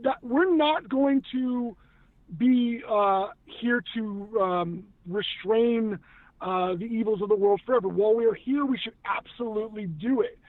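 High-voiced man on a tinny line. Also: measured pace. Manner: earnest, emphatic, many restarts. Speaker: guest, former actor now in news media. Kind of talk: casual conversation on faith. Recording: tinny phone-like line, dry.

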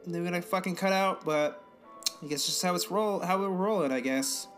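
A young man co-hosting a podcast in loose casual chat, rambling and swearing freely as he rants with animated outbursts. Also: high-pitched, normal speed, soft background music. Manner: rambling, profane, animated ranting. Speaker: podcast co-host.

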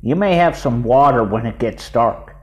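A man voicing a calm, responsible older boy who looks after his siblings. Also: medium pitch, moderate pace, lightly acted. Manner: calm, reassuring.

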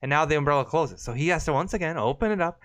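A man's voice: fairly high pitch, expressive, rapid-fire, fairly bright tone, no room sound. A man hosting a casual livestream, chatting with viewers, laughing easily and swearing casually. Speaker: livestream host. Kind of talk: casual chat.

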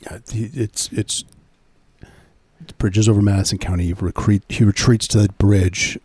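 A man co-hosting a podcast who drops dry, deadpan one-liners in casual chat. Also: lowish voice, measured pace, slightly rough, no room sound. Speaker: podcast co-host.

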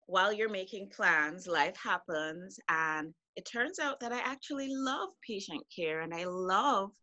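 A woman's voice: medium pitch, lively intonation, a little slow, sharp tone. A woman doctor talking about her practice as an interview guest, upbeat and chatty. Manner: upbeat, chatty, self-amused. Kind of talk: interview conversation.

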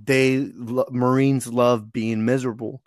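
A twentysomething man hosts a casual chat, telling stories in a relaxed, unhurried way and laughing easily. His voice is medium-pitched, and the recording is dry with clean studio sound.

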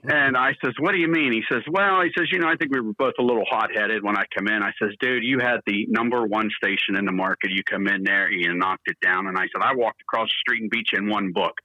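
A man's voice: fairly low pitch, fast talker, few pauses, pushed and bright, no echo, highs cut off. A man in his fifties, a radio DJ, telling long, salty anecdotes in an interview. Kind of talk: storytelling interview.

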